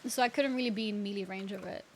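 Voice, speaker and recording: A woman's voice: medium pitch, quick pace, background noise. A woman streamer chatting playfully while she plays and reads game text aloud. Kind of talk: casual gameplay commentary.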